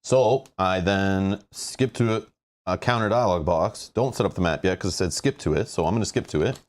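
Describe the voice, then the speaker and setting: Exasperated low-voiced man reading game rules. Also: a little fast. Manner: rambling, exasperated about the rules. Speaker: host playing a board game. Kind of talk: casual board game playthrough, reading rules aloud.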